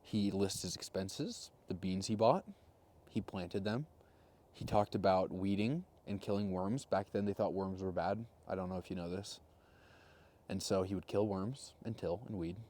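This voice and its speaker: Wry young man, low mellow voice. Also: normal speed. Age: 20s. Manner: wry, self-mocking storyteller with deadpan jokes. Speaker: vlogger. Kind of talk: casual rambling monologue.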